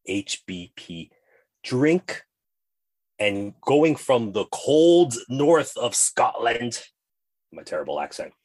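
A man's voice: low voice, husky. A man co-hosting a podcast, chatting casually and rambling from tangent to tangent in a playful way. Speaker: podcast co-host.

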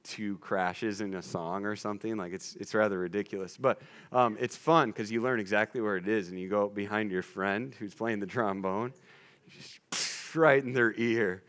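A man's voice: on the low side, fairly bright tone. A young man preaching a sermon in a conversational way, with jokey asides to the congregation.

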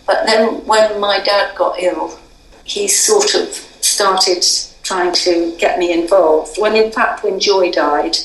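A woman's voice: medium pitch, steady tone, slow pace, reverberant, far from the mic, rough recording. An older English woman in an interview, talking in a chatty, wry way with many ums and restarts. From England. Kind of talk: conversational interview.

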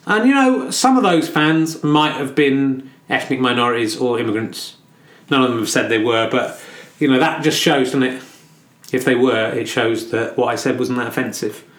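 A man's voice: medium pitch, normal speed, a bit bright, pitched below the performer's own voice, lightly acted. Man playing a cocky snooker player, echoey room. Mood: rambling. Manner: boastful, rambling post-match interview answers. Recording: echoey room with faint noise.

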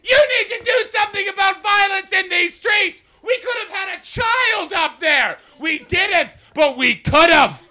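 A man voicing a hysterical young woman who yells frantic demands at police officers. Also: lively intonation, a little slow, hardly any pauses, heavily acted. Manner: shrill, frantic shouting.

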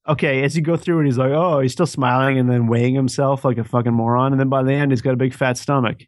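Young male co-host, mid-pitched, dry close mic, sarcastic profane rant. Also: steady tone, fast talker, dry recording. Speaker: podcast co-host. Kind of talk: casual chat.

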